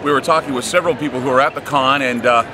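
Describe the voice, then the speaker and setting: A male host opening a segment on location at a busy convention, upbeat and excited. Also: medium pitch, rapid-fire. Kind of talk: on-location intro. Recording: loud background noise.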